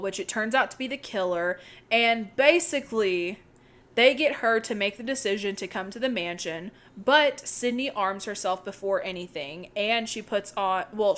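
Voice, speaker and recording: A woman's voice: fairly high pitch, a bit bright. A woman co-hosting a podcast, recapping a movie plot in a casual, chatty way with some swearing. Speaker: podcast co-host.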